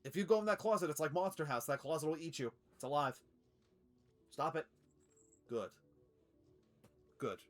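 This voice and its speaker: A man streaming a factory game live, excitable and swearing, laughing often and cooing at his cat. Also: fairly high pitch, normal speed, pauses often, soft background music. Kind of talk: live gameplay commentary.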